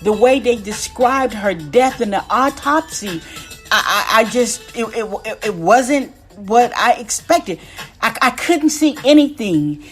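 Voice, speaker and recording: Brief: middle-aged woman, spiritual testimony, slow and emotional, repeats her lines, soft music behind. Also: fairly high pitch, animated. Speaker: inspirational speaker.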